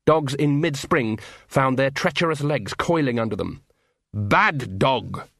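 A man narrating an audiobook in a wry, measured storytelling manner. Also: mid-range voice, expressive, no room sound, studio quality. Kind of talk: scripted narration.

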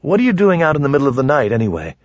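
A man's voice: medium pitch, huge pitch swings, racing, no room sound, muffled recording, voice pushed up. A man doing a blunt, skeptical grown son.

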